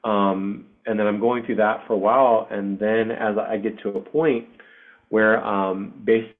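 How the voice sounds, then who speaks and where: Man, 40s, low voice, candid emotional storyteller with swearing and fillers, heard over thin phone-like call audio. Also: flat delivery, moderate pace. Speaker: spiritual group host. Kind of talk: casual personal storytelling. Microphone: online video session.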